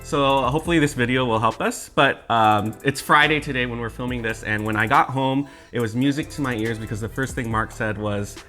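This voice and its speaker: A man chats casually while eating, playful and teasing with his co-host. His voice is bright and forward. Soft music plays faintly behind him. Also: mid-range voice, fairly quick, few pauses. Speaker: co-host of a food channel.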